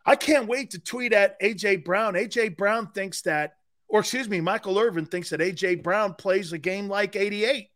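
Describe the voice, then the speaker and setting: A man's voice: high voice, moderate pace. A middle-aged man hosting a sports talk stream, joking and reading viewer comments aloud. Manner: animated, joking, jumps between chat comments. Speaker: sports talk show host.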